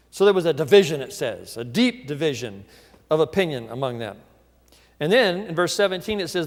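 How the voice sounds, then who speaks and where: A male pastor preaching a sermon, telling the story lively and acting out the people in it. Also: a little high, a little fast, big-room sound. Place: church.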